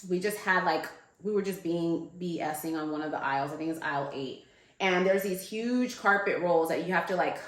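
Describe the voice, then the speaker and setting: Chatty low-voiced woman, echoey room. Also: a bit bright. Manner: loose and chatty, full of "like" and "um". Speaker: guest. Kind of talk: casual storytelling.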